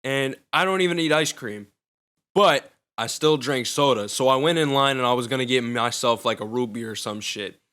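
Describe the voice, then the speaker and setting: A man's voice: medium pitch, moderate pace, fairly bright tone. A young man casually telling a personal story in loose, profane, slangy talk.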